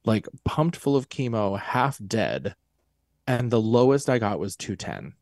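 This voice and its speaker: A man's voice: lowish voice, very animated, a little slow, darkish tone, no room sound, studio quality. A man telling candid, self-mocking stories as a guest in a casual chat.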